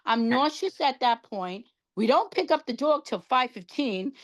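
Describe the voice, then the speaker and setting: An older woman telling a long personal story in casual podcast chat, animated and exasperated. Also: high voice, a little slow. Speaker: podcast co-host sharing her cancer treatment.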